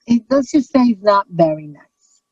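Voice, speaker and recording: Brash, profane New comic woman, middle-aged, husky and dry-voiced. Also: medium pitch, moderate pace, no echo, highs cut off. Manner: brash, profane, animated storyteller. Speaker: comedian guest. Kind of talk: casual storytelling chat.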